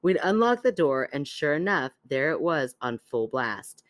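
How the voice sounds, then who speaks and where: Low-voiced woman podcast co-host. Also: very animated, a little slow, dry recording. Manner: laughs easily, chatty and teasing. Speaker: podcast co-host reading a listener story. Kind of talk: casual chat and cold reading of a listener letter.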